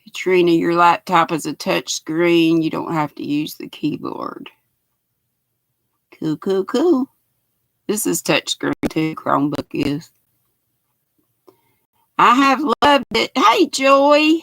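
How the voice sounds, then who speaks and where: Raspy Southern grandmother chatting slowly. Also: fairly low pitch, animated, fairly bright tone, no room sound. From United States. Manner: chatty, folksy, reads viewer comments aloud. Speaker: knitting livestream host. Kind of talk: casual livestream chat. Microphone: built-in laptop mic.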